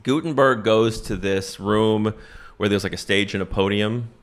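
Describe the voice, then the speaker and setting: A man's voice: lowish voice, moderate pace. A man, a comedian hosting a podcast, recapping an old movie in a rambling, joking way and acting out the characters' lines. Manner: rambling storyteller, restarts and animated put-on quotes. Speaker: stand-up comedian podcast host.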